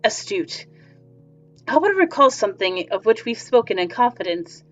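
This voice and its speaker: A woman's voice: fairly high pitch, big pitch swings, moderate pace. A woman reading a formal, composed male vampire. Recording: slightly dull lo-fi recording. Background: faint music.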